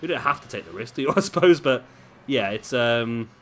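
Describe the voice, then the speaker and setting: A man's voice: medium pitch, animated, a little fast, a bit bright, a little hiss or hum. A man giving casual, rambling commentary over a wrestling video game, with chatty, self-deprecating asides. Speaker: gameplay commentator. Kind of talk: casual let's-play commentary. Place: at home, drinking beer while recording.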